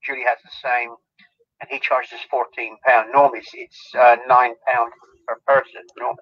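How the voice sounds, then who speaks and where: A man's voice: medium pitch, little pitch movement, moderate pace. A man, a guest telling rambling, giggly anecdotes in a casual interview, over muffled call audio. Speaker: guest, celebrity lookalike.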